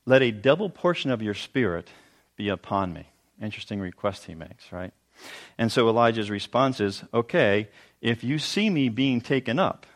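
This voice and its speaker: A man preaching a sermon to a congregation, retelling scripture in a relaxed, conversational teaching manner with rhetorical asides. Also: on the low side. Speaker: pastor.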